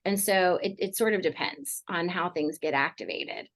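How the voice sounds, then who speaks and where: A woman's voice: on the low side, moderate pace. A middle-aged woman counselor talking casually on a podcast, rambling with many fillers like "like" and "you know". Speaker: mental health counselor guest.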